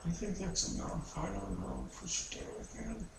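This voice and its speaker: Male therapy client, gravelly and unhurried, blunt and profane, roomy echo, mic far away. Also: sits high, lively intonation. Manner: blunt and profane, with bitter laughs. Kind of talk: recounting a painful memory in a session. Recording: echoey room, mic far off, faint noise.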